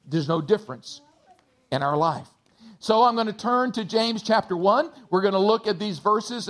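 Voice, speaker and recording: Male pastor, high-pitched, emphatic sermon delivery with casual asides. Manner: emphatic, building to raised stresses on key words; chatty asides with chuckles. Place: church sanctuary.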